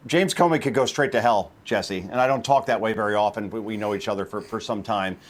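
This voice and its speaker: A man's voice: lowish voice, brisk. A man from New Jersey giving heated, indignant TV commentary, repeating points for emphasis.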